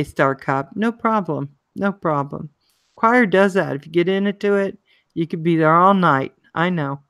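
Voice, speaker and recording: Maryland woman hosting a live chat, unhurried and chatty, smooth dry close voice. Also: on the low side, a bit bright, dry recording. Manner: chatty, greets viewers by name, laughs often. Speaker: livestream host. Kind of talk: casual live chat reading comments.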